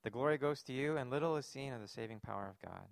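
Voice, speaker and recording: A man's voice: medium pitch, quick pace, vocal fry, no room sound, clean studio sound. A man preaching a sermon, earnest and emphatic, posing rhetorical questions to his congregation. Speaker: pastor.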